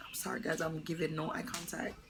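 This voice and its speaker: A young adult woman telling a painful personal story to camera, close to tears, halting with many pauses and fillers. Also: low-pitched, monotone, music in the background, poor audio. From New York. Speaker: vlogger.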